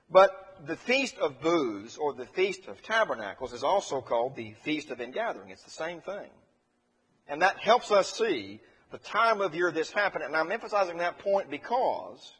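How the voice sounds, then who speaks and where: Male preacher, measured and earnest, reads scripture; breathy tone, big hall reverb. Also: a little high, a bit bright. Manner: measured, earnest, with fillers and restarts. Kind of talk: sermon with scripture reading.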